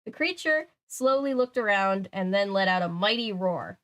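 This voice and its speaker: A woman's voice: mid-range voice, lively intonation, normal speed, a bit bright. A young woman reading a kids' mystery book aloud, breaking off for chatty, jokey asides. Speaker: channel host. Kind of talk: casual reading aloud with commentary.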